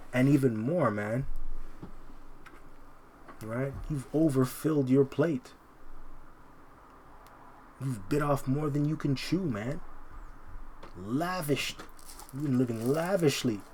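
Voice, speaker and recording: A man delivers fiery, confrontational scripture commentary in a warm, mellow voice at an ordinary pitch. He reads each verse slowly and deliberately, then keeps calling out "man" as he argues. A faint hiss sits under the recording. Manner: combative, repeats "man" constantly. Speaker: Bible teacher.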